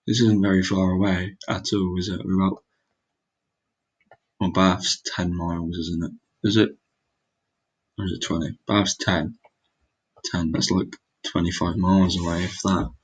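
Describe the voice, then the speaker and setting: Young bloke talking to himself over a guessing game, low husky voice, bit self-mocking. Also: male voice, a little mellow, rough recording. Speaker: gaming video creator. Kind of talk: casual gameplay commentary.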